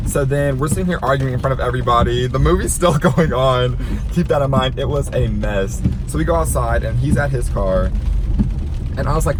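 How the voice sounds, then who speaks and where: A man's voice: medium pitch, fast, over loud music. Chatty man telling a dramatic story. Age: 20s. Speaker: YouTuber. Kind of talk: storytime vlog. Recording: noisy room.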